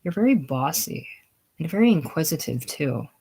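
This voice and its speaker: A woman reading as a high-strung romantic teacher. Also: sing-song, moderate pace, mellow, slightly rough, full character voice, low-quality recording. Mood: indignant. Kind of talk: casual play reading.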